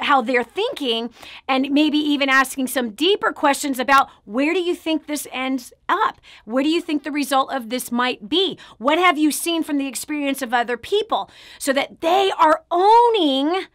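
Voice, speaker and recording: A woman's voice: high voice, a bit bright. A middle-aged woman giving an earnest motivational talk on parenting, speaking straight to the viewer and calling them friend. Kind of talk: direct-to-camera motivational talk.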